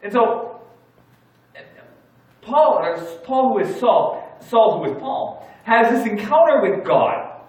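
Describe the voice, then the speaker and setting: Pastor preaching in an echoey church. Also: male voice, high voice, takes it slowly, long pauses. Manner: storytelling, animated, acts out his own panic. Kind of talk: sermon. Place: church sanctuary. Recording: echoey church hall, distant mic, dull sound.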